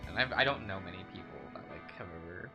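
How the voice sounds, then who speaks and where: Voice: sits low, animated, fast talker, creaky, music in the background. A giggly co-host chatting casually while playing a visual novel and reading its dialogue aloud. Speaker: let's play co-host reading game text. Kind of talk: casual gameplay chat.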